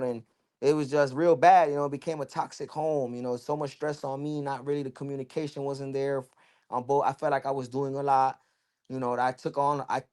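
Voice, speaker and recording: A man's voice: medium pitch, darkish tone, clean tone. Slangy young man telling a candid story. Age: young adult. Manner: loose, slangy and candid, with many fillers like "you know" and "bro". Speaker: guest fighter telling his story. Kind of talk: casual storytelling in a podcast interview.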